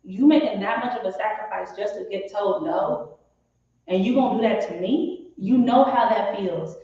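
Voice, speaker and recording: A woman's voice: mid-range voice, moderate pace, warm tone. A woman in her late twenties speaks with emphatic, candid conviction, often checking in with "you know what I'm saying". She sounds far from the mic in a very echoey room, and the audio is dull and lo-fi. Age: late 20s. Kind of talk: candid casual chat.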